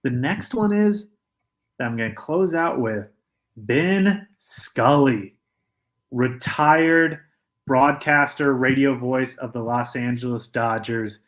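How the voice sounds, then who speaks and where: A man co-hosting a sports podcast in a studio, talking in a measured way and building his points with pauses. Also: mid-range voice. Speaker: podcast co-host. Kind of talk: casual sports chat.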